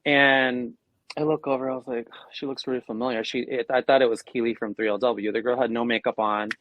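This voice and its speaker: A man's voice: mid-range voice, brisk, no echo, dull audio. A man co-hosting a podcast, telling stories in casual chat and acting out what people said. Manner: animated, acts out quoted voices. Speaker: podcast co-host.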